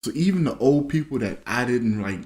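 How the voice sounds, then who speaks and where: A man's voice: medium pitch, fairly quick. A man co-hosting a casual unscripted chat at home, telling stories animatedly and acting out the voices in them. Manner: animated storyteller, acts out voices. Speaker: podcast co-host.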